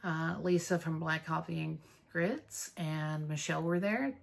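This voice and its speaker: In her stitching vlog, a Flosstube creator from North Texas rambles through her news to the camera in a deep, creaky, unhurried voice. She's chatty and warm when mentioning friends, and her talk is sprinkled with fillers.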